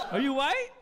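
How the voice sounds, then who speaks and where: A man doing live stand-up crowd work, brash, profane and teasing. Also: extremely high pitch. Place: comedy venue with audience. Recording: live club, loud crowd and noise.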